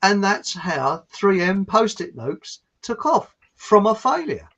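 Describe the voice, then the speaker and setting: Southern english guy rambling through stories on a call, husky voice, goes up and down a lot, muffled audio. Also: sits high, takes it slowly. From southern England. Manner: chatty storyteller, animated. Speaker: guest. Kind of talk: casual chat on a video call. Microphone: video call.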